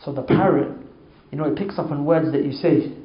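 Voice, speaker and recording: A man giving an informal religious talk, storytelling emphatically and repeating oaths for stress. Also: a little fast. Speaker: Islamic speaker. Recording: echoey, dull low-fi sound.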